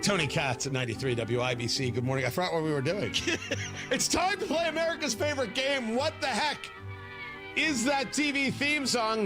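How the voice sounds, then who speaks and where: Animated, high-voiced male radio host. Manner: joking, rambling, animated. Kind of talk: casual morning radio talk.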